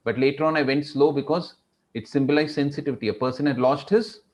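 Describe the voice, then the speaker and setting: A middle-aged man teaching public speaking in a classroom, shifting his pace and pitch to demonstrate. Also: fairly even intonation, quick pace. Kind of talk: classroom lecture.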